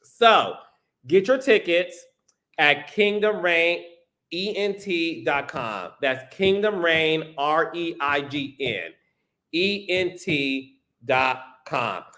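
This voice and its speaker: Sassy bright-voiced male host. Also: on the high side, animated, slow pace. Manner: sassy and playful, calling people honey and child. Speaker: podcast host. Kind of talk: live-stream chat, reading viewer comments.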